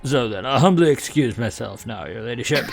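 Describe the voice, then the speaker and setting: A man's voice: medium pitch, expressive, fairly quick, gravelly, faint music behind. A man voicing a fawning middle-aged police inspector in a put-on Cockney accent, gushing and over-polite, as fan voice-acting of a game. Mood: flustered.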